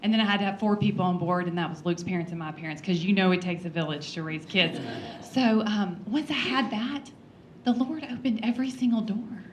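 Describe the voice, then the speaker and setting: Woman legislator, personal speech, earnest storyteller with soft laughs and ums, middle pitch. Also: brisk, a little hiss or hum. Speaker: congresswoman giving a talk. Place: breakfast event room.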